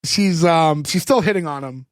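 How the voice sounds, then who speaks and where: A man's voice: on the high side, moderate pace, no room sound, clean studio sound. A man hosting a casual podcast, recapping an old sitcom episode, laughing often, his throat a bit scratchy. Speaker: podcast host.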